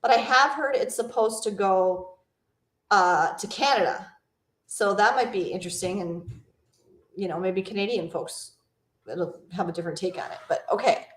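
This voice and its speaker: A woman's voice: medium pitch, normal speed, a bit bright, reverberant. A woman hosting a live travel Q&A, chatting casually, rambling a bit, reading out viewers' comments and asking them questions.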